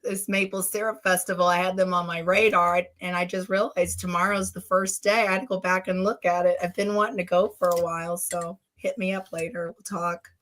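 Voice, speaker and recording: A woman joining a livestream as a guest, her voice squeaky and hoarse after the flu, chatting cheerfully and mocking herself. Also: little pitch movement, fairly quick, few pauses, a bit bright. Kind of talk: casual chat.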